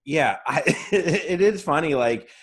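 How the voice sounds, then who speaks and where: A man hosts a loose, comedic podcast conversation, laughing often as he talks. His pitch sits in the middle but swings widely with animation, and he slips into playful quoted voices. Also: expressive, slow, fairly bright tone, breathy edge. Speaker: podcast host. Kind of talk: casual comedic chat.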